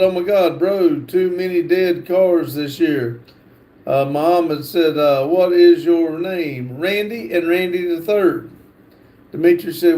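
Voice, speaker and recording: A man hosting a livestream, reading chat comments aloud in a halting way with fillers and restarts. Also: high voice, mellow. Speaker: livestream host.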